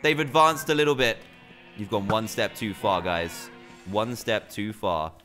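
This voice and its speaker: A young British man giving excitable commentary while playing a game. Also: lowish voice, a little slow, faint music behind. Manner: excitable, animated reactions. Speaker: gaming YouTuber. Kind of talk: gameplay commentary.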